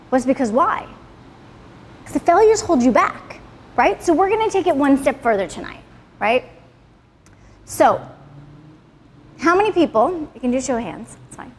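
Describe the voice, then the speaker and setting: A woman with a high-sitting, darkish, husky voice leads a live motivational class in a salon room, her sound carrying like a big room. She is blunt and profane, constantly checking in with "right?" during her casual talk to the audience.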